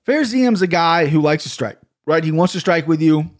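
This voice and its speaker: A man's voice: on the high side, expressive, moderate pace. A man hosting a casual podcast, talking bluntly and with plenty of swearing as he rambles through a fight recap from a home studio mic. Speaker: podcast host. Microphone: studio microphone.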